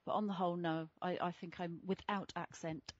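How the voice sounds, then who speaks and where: A woman's voice: on the low side, steady tone, fairly quick, no room sound. Wry English woman co-hosting a podcast. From England. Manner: wry, self-deprecating. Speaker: podcast co-host. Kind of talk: casual podcast chat. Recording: dry, slightly muffled podcast audio.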